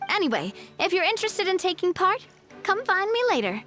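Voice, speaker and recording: A woman's voice: very high-pitched, sing-song, a little fast, fairly bright tone, soft background music, exaggerated voice. A woman voicing a cheerful, friendly young female recruiter for a film crew, in video game voice acting. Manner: friendly, upbeat.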